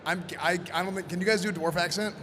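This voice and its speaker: A man presenting in costume at a live event, joking and rambling loudly. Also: sits high, steady tone, fast. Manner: playful, rambling, loud. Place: convention event floor. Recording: noisy convention floor.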